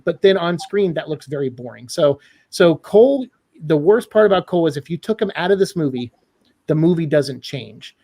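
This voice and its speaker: Man guest ranting critically in a casual chat, voice a bit high for a man. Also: normal speed. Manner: animated, opinionated, critical. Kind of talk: casual podcast discussion.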